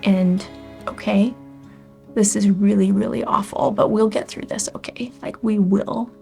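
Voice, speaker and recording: A woman's voice: mid-range voice, fairly even intonation, a little slow, creaky, darkish tone, soft background music. A woman in her forties sharing a personal testimony, candid and emotional, often dropping to a near-whisper. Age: 40s.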